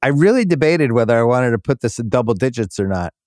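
Man briskly ranking quarterbacks, dry sound. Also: mid-range voice, expressive, darkish tone, no room sound. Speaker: sports betting podcast host. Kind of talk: casual sports chat.

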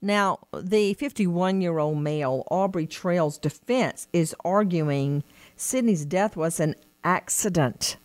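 A woman hosts a true-crime TV show in a punchy, incredulous tone. Her voice sits a little low and sounds dry and close, with no room around it. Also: slow, no room sound. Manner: emphatic and incredulous. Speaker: host. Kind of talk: true-crime TV talk commentary.

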